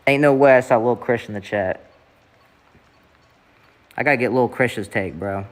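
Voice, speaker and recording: A man's voice: medium pitch, normal speed. A young man from the Southeast US, streaming and chatting casually in a rambling way, with lots of fillers and swearing.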